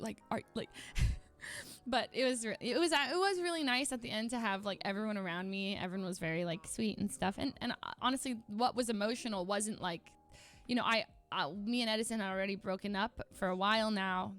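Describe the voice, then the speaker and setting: Rambling young woman streamer, fairly high voice. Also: fairly bright tone, faint music behind. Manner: rambling, halting, lots of "like" and restarts. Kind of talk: emotional casual chat to stream viewers.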